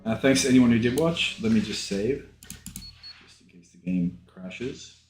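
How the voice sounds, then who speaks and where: His voice is mid-range and unhurried as he narrates his gameplay, sick and yawning. The let's play commentary rambles along casually with lots of fillers, in an echoey room with faint game music.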